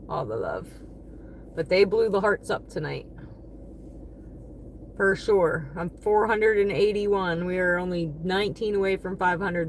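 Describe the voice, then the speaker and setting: A woman's voice: lowish voice, slight background noise. A woman chatting casually on a livestream, thanking her viewers one by one by name. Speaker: livestreaming delivery driver.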